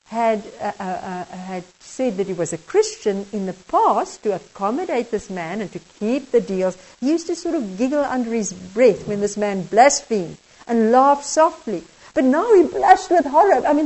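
South African woman preacher, slightly high voice, halting storytelling sermon. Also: a little mellow, poor audio. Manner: halting, with frequent restarts.

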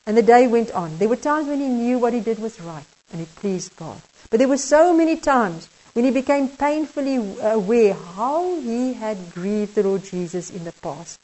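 A woman's voice: on the high side, lively intonation, dark tone, low-quality recording. South African woman telling a sermon story. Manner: halting, with frequent restarts. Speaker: preacher.

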